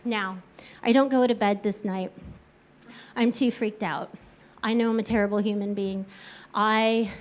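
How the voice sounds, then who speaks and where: A woman telling a comic true story on stage, acting out the people in it and swinging between loud outbursts and hushed asides. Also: fairly high pitch. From Kansas, USA. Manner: animated, acts out quoted voices, swings between loud and hushed.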